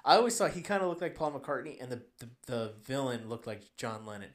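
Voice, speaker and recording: A man's voice: mid-range voice, animated, fast talker. A young man co-hosting a podcast in casual chat, easygoing, steering between topics. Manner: easygoing, runs the segments. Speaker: podcast co-host.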